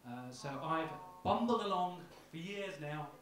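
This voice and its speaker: A man's voice: sits high, measured pace, fairly bright tone, a little hiss or hum. A young man doing a self-deprecating, hesitant stand-up routine in a small comedy club, full of ums. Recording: echoey club, distant mic, crowd.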